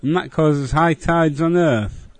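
A man's voice: on the high side, slow pace, no room sound. A man reading his own recorded review with a dry, mocking tone. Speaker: listener sending recorded feedback. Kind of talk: read-out spoken review.

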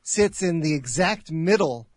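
A woman on a review panel in a casual chat, jokey and quick to question. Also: low-pitched, animated, a little mellow, dry recording, clean studio sound. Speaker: panel guest.

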